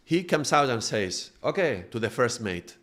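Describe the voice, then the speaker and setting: A man giving a live spiritual talk at an ordinary pitch. He explains through long metaphors and keeps checking in with his listeners. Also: expressive, moderate pace, a bit bright. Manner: builds extended metaphors, checks in with tag questions. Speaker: spiritual teacher.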